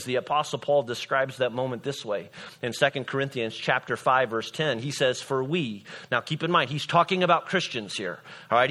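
Bright-voiced man preaching a sermon. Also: mid-range voice. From Illinois. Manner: conversational storytelling, frequent "all right?" asides. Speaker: pastor.

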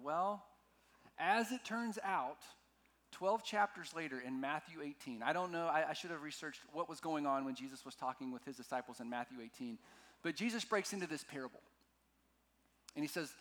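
A male pastor preaching a sermon, slowing down and swinging between loud and soft to stress his points. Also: a little high. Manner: dramatic shifts in loudness, slows for emphasis; asks the congregation to repeat lines.

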